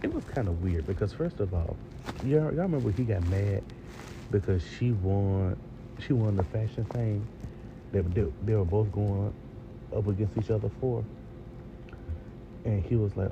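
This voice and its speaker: A man's voice: fairly low pitch, normal speed, long pauses, lo-fi sound. A man giving a casual, rambling TV review, talking straight to his viewers. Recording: steady background noise.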